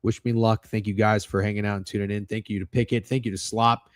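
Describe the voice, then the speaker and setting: A young man hosting a sports betting livestream, talking casually and excitably, swearing often and rambling through restarts as he runs through his picks. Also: on the low side, fast, no echo, clean studio sound. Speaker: sports betting show host.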